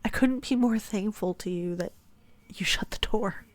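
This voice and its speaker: A woman voicing a gentle, shy young woman healer who speaks in a soft, reassuring way. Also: medium pitch, moderate pace, close to an everyday voice.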